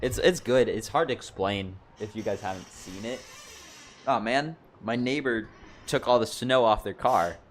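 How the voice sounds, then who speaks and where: A man's voice: on the low side, normal speed, slight background noise. A young man chatting casually on a livestream, rambling and filling his talk with "like" and "you know". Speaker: streamer.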